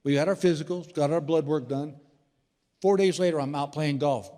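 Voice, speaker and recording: A man's voice: a little high, moderate pace. Man in his sixties doing stand-up. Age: 60s. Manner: animated storyteller acting out quoted voices. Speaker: stand-up comedian. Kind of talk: stand-up comedy storytelling. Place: large indoor theater stage. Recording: live theater reverb with faint ambience.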